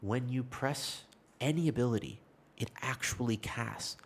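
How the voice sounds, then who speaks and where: A man voicing a gentle, wise mother in a hushed, mock-reverent tone. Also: medium pitch, unhurried, husky. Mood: serene.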